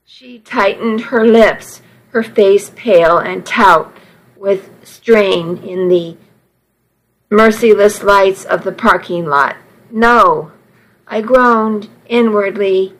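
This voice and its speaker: Female audiobook narrator, unhurried first-person storytelling, measured delivery. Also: medium pitch, rough recording.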